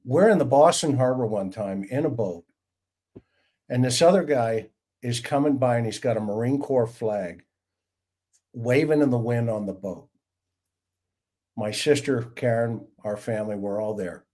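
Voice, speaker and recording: A man's voice: medium pitch, measured pace, long pauses, dark tone. A middle-aged man hosting a livestream panel chat, telling stories with enthusiasm and emphasis over a video call. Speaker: host.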